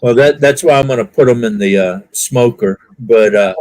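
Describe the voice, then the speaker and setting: A man's voice: mid-range voice, normal speed, no room sound, poor audio. A man in a casual online group chat, telling an anecdote and acting out the other people's lines in a raised voice. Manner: animated storyteller who acts out quotes in a raised voice.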